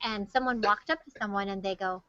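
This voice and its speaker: A woman's voice: mid-range voice, brisk, a bit bright. A woman hosting a casual chat over a video call, chatty and teasing. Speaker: show host. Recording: muffled video call audio.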